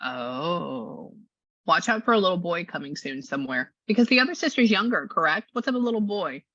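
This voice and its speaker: A woman's voice: lowish voice, lively intonation, a little fast, fairly bright tone, no room sound, highs cut off. A woman working as a spiritual medium, chatting casually with a client and relaying a spirit's words in quotes. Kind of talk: casual reading session with a client.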